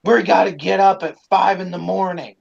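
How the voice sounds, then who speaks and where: A man's voice: sits high, steady tone, moderate pace, creaky, voice pushed up, full character voice. Bossy older step-grandmother, a man imitating her, lo-fi stream sound.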